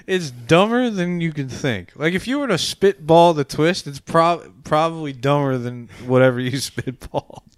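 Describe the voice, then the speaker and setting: A man's voice: fairly high pitch, lively intonation, normal speed, hardly any pauses, clear, resonant tone, no echo, clean studio sound. Laughing, swearing man recapping a movie. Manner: laughs often, swears casually, acts out scenes. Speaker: podcast co-host. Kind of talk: casual movie-review chat.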